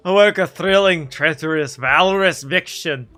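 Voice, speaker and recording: A man's voice: sits high, a little slow, pushed and bright, faint music behind. A man voicing a vain, pompous male pirate captain with a put-on Scottish accent and grandiose, theatrical speech. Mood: boastful. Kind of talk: voicing game dialogue on a stream.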